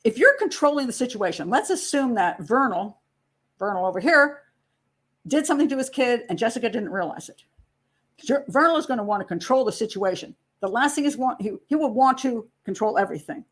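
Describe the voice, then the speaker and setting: Lady true crime host talking through a case, kinda high voice, argues and acts out quotes. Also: expressive, fairly quick, slightly rough. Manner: conversational, argumentative, acts out quotes. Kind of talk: casual analytical commentary.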